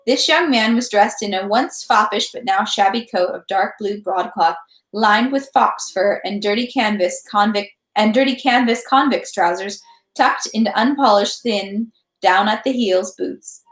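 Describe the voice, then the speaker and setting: A woman reads a classic novel aloud at home in a steady narrating voice, catching small slips as she goes. Her voice sits at a middle pitch. The room gives it a noticeable echo. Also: unhurried. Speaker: reader. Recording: roomy echo.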